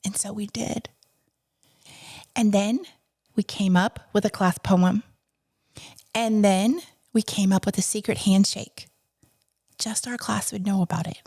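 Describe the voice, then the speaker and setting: Woman podcast host and educator, chatty and earnest, slight fry, dry close mic. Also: medium pitch, steady tone, measured pace, pauses often, a little mellow, no room sound. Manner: chatty, earnest, asides to listeners. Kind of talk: storytelling podcast monologue.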